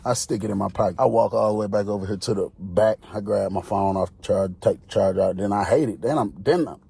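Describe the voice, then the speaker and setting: A man telling a prison story in a casual, slangy, animated way. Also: lowish voice, fast, creaky, breathy edge. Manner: animated, slangy, acts out quotes.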